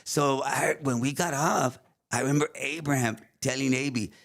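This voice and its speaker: A man. He is a guest musician telling stories in casual chat. He talks in an animated way, switches between English and Spanish and laughs often. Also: mid-range voice, moderate pace. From South Texas. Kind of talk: casual storytelling.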